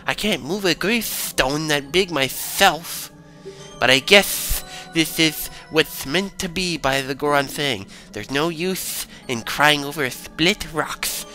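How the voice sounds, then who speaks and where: A man voicing a weary, stranded male rock creature from a game, reading its lines slowly and plodding. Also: a little high, sharp tone, faint music behind, pitched above the performer's own voice, low-quality recording. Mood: glum.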